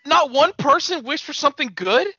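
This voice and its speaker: A man's voice: extremely high pitch, animated, sharp tone. A man co-hosting a movie podcast, sarcastically mocking the plot in casual chat. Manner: sarcastic, quick to mock the plot with swearing. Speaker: podcast co-host. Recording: slightly dull lo-fi, dry.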